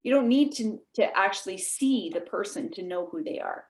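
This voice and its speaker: A woman's voice: medium pitch, lively intonation, normal speed. A woman with a Canadian accent, talking animatedly as a guest in a podcast interview, laughing often. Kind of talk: casual interview.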